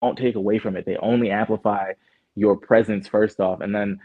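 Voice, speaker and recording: A man's voice: fairly low pitch, fairly even intonation, moderate pace. A young Canadian man, a guest artist, chatting in a laid-back way with lots of fillers and restarts. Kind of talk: casual interview chat. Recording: muffled phone-like sound.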